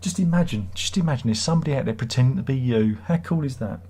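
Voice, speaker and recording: Husky and mellow, his mid-range voice moves fast with lively intonation. He's a middle-aged British livestream host, chatting casually in a rambling, wry and self-mocking manner.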